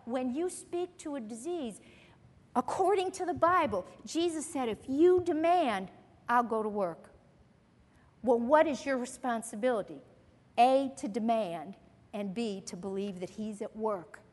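Preacher woman, high and emphatic, lesson heard with long hall reverb. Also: expressive, a little slow, a little mellow. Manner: earnest and emphatic, quoting scripture. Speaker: Bible teacher. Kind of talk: sermon.

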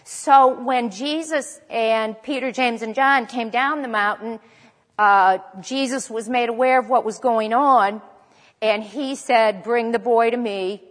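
A woman's voice: on the high side, takes it slowly, big-room sound. A woman preaching a sermon in a conversational way, stopping to correct herself as she goes. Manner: conversational, with restarts and self-corrections.

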